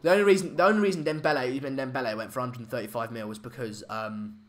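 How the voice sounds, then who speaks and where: A man's voice: mid-range voice, fairly even intonation, rapid-fire. A young man, hosting a casual live stream chat, hesitant with many fillers and restarts. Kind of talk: casual live match chat, reading comments.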